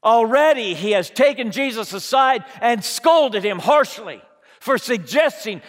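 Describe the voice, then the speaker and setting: A man delivers a sermon in a high voice, taking his time over each phrase. He swings from quiet, drawn-out lines to loud, forceful ones. The sound carries a long reverb, as if he is speaking in a large hall. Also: expressive. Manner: dramatic, swings from hushed to loud. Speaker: preacher.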